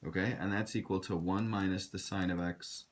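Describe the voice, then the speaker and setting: A man's voice: deep voice, steady tone, normal speed. A man teaching a recorded math lesson, direct and instructive, talking to his students. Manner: direct, instructive, addresses students as you guys.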